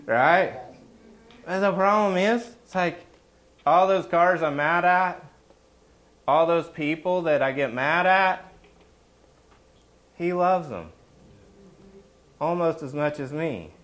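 A man preaching a conversational sermon as a pastor, animated and often asking the congregation questions. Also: a little high, slow, pauses often.

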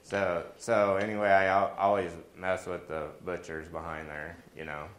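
A man, a pastor, preaching in a storytelling way with animated delivery and jokey asides. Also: low voice, moderate pace, reverberant. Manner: animated, jokey asides, acts out quoted voices. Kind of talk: storytelling sermon.

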